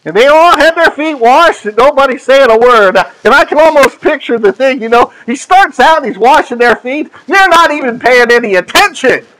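A male pastor preaches in an unusually high voice. He tells his stories in an animated, playful way, letting his voice drop low and soft for the serious points. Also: moderate pace, few pauses, low-quality recording. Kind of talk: sermon.

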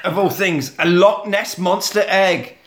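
High bright-voiced man, echoey room. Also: a little slow. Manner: swears freely, laughs, briefly mimics characters. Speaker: podcast co-host recapping a film. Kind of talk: casual comedic film recap.

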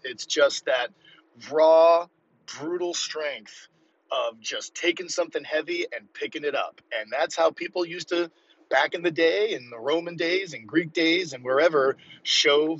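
A man in his fifties talking casually about strength training while driving to work, fast and rambling, highly caffeinated. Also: a bit bright, slightly rough, dull audio. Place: car on the way to work.

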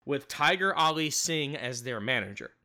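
A man's voice: medium pitch, animated, normal speed, bright, forceful tone. A man hosting a casual podcast, recapping events with loose swearing and laughs. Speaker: podcast host recapping a wrestling show. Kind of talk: casual chat with recap narration.

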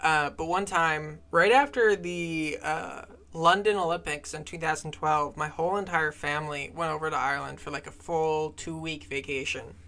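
Male podcast co-host, bright and forceful tone, chatty storyteller full of ums and uhs. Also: a little high, steady tone, normal speed, hardly any pauses. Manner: rambling storyteller with many fillers. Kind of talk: casual chat.

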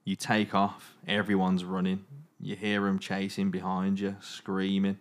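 Deep-voiced man narrating. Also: completely flat delivery, measured pace. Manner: dramatic narration broken by laughs and jokes. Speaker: podcast host narrating the adventure. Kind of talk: reading an interactive story aloud.

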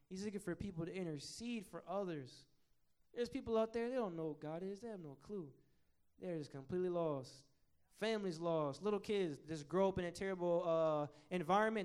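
An impassioned male preacher with a high, smooth, resonant voice. He reads scripture in loud, rising swells, then drops to a quiet, plain tone to explain it to the congregation. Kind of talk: sermon.

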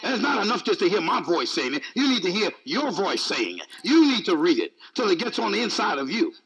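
A man's voice: sits high, sing-song, fairly quick, creaky, a bit bright, poor audio. A male preacher giving an emphatic, repetitive sermon, mixing in jokes.

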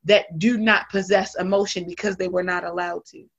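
A woman's voice: lowish voice, level tone, moderate pace, fairly bright tone, lo-fi sound. A woman talking candidly and emphatically in a casual conversation, blunt and swearing freely.

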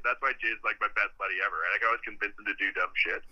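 A man with a strikingly bright, forward voice chats as a podcast guest. He tells animated stories, swears freely and slips into the voices of people he quotes. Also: fairly low pitch, very fast, hardly any pauses, dull audio. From Canada. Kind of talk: casual chat.

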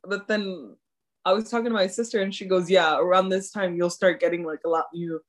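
A young woman casually discussing drama episodes with a friend, gushing and excitable, often quoting her own reactions. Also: fairly low pitch, brisk. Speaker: podcast co-host. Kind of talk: casual chat recapping a drama.

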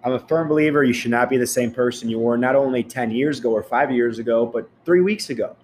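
A man's voice: medium pitch, quick pace, a little hiss or hum. A man giving a blunt, profane motivational rant, speaking straight to his listeners.

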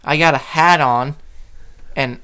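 Animated man telling a story. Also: fairly high pitch, takes it slowly, clear, resonant tone. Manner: animated storyteller acting out quotes, laughing often. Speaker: podcast co-host. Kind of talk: casual storytelling chat.

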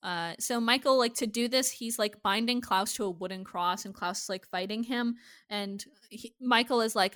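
A woman co-hosts a casual TV recap podcast, chatting freely, swearing, and acting out lines from the episode. Her voice is fairly high and fairly bright at normal speed, recorded with studio quality and no room sound.

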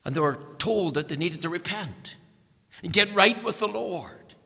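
A man's voice: high-pitched, vocal fry, fairly bright tone. A man preaching a sermon in a church, earnest and emphatic, repeating words for stress. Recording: long hall reverb.

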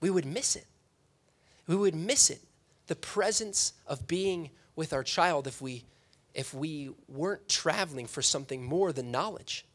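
Chatty young man preaching, fairly high voice. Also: expressive, measured pace, a bit bright. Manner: chatty, self-deprecating, frequent "right?" asides. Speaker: pastor. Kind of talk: casual conversational sermon. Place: church sanctuary.

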